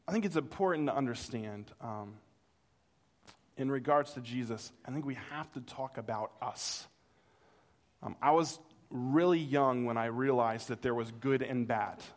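During his sermon, a middle-aged male pastor animatedly relates a childhood tale and gives voice to the people in it. His pitch is medium.

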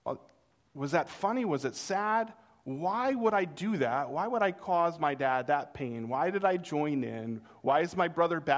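This middle-aged preacher has a voice that's a little high. He shares a childhood story in his sermon with lively delivery, acting out the voices involved.

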